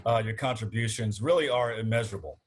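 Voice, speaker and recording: A man's voice: on the low side, fast, a little hiss or hum. Man, council candidate, earnest rhythmic speechmaking, video call audio. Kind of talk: virtual forum speech.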